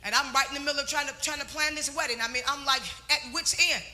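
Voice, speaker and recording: A middle-aged woman preacher testifying and teaching a sermon in call-and-response, shouting to a congregation in a live church service. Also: sits high, quick pace. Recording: live church service with loud crowd noise. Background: congregation laughing and responding.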